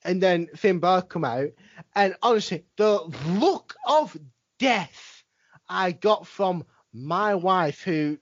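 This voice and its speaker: A man's voice: sits high, lively intonation, slow, dry recording. A man, co-hosting a podcast from home in casual, sweary, rambling banter. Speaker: wrestling podcast co-host. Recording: lo-fi dry home mic.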